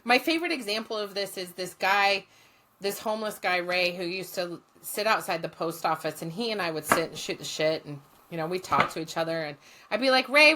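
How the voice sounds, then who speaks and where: A woman's voice: medium pitch, a bit bright. A woman guest, a former social work teacher, telling stories in a blunt, profane and passionate way. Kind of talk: storytelling in conversation.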